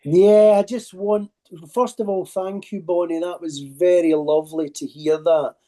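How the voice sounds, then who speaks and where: A man's voice: high-pitched, fairly even intonation, measured pace, mellow. A man speaking earnestly and sincerely as a participant in an online workshop over a video call.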